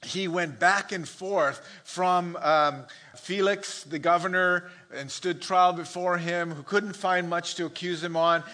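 Bright high-voiced pastor preaching. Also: male voice, steady tone, slow, few pauses. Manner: chuckles often, storytelling asides. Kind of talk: sermon with humorous anecdotes.

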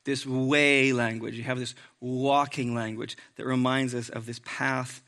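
A man's voice: mid-range voice, level tone, a little slow, bright, forceful tone. A man preaching a sermon in a conversational way, with joking asides to the congregation.

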